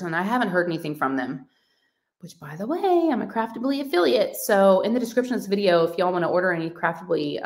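Gushing woman livestreaming. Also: on the low side. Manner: gushing, excitable, effusive. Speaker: livestream host of a crafting channel. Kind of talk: casual livestream chat reading comments.

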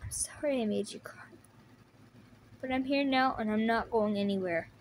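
A woman playing a hurt teenage turtle boy, pained, breathless, high-pitched voice. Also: moderate pace, slight background noise, lightly acted. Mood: tender. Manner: breathless, pained, whispering at times. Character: wounded teenage male turtle leader, desperate. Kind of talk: fan audio drama voice acting.

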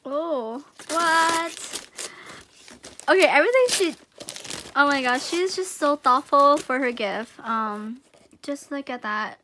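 A young woman vlogging an unboxing, gushing with excitement and breaking into squeals. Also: high-pitched, takes it slowly, slight background noise. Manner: gushing, excited, repeats "oh my gosh". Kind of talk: unboxing vlog chat.

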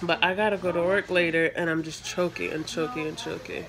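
A woman's voice: lowish voice, steady tone, a little fast, noisy background. A young woman vlogging casually at a family holiday gathering, coughing and congested, chatty and teasing as she talks to her viewers. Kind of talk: casual home vlog chat.

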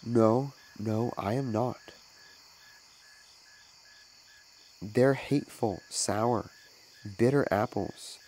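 A man's voice: mid-range voice, takes it slowly, a little mellow, slight background noise, natural voice, rough recording. A man voicing a remorseful little boy caught stealing apples, pleading through sobs. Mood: sobbing. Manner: sobbing, pleading.

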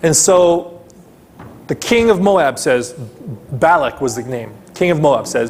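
A male pastor delivers a sermon in a slightly high voice. He speaks slowly and with emphasis, repeating phrases and climbing into louder bursts on key words. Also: expressive, slight background noise.

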